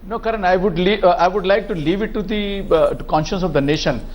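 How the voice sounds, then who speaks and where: A man argues his case on a TV panel. He stumbles through restarts and fillers, leaning on a repeated "in fact". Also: high-pitched. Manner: halting, many fillers and restarts, keeps saying "in fact". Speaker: political debate guest. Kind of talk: arguing a point on a televised panel.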